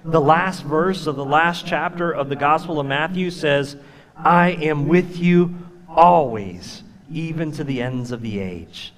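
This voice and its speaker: A male pastor preaching a sermon, telling personal stories in a plain, conversational way and dropping to a soft whisper at tender moments. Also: fairly high pitch, a little slow. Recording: long reverb of a church hall.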